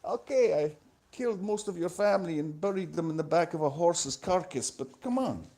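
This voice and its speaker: A man putting on a clumsy Eastern European accent, playing a loud, melodramatic man pleading with his mother, talking close into a phone. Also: a little high, animated, normal speed, pitched above the performer's own voice. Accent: Eastern European (put on). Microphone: phone held close.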